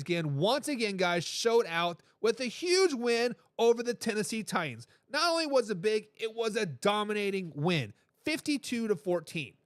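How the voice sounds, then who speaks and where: A man's voice: high voice, fairly bright tone, no room sound, studio quality. A man hosting a sports talk show, emphatic and repeating phrases to drive his points home. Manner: reads viewer comments aloud with a laugh.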